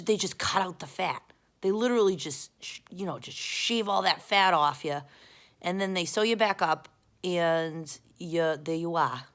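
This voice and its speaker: A woman with a slightly low voice talks straight into a camera she holds close, somewhere in her home. Her rambling is blunt and full of swearing, and it swings from loud outbursts to quiet muttering. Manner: rambling, profane and blunt, often restarting. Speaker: vlogger. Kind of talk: casual confessional rant.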